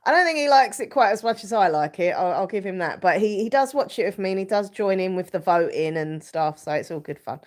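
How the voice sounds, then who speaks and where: A woman's voice: mid-range voice, expressive, brisk, hardly any pauses, a little mellow. A woman, hosting a casual live stream chat, bunged up with a cold and rambling as she reads out viewer comments. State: stuffy nose from a cold.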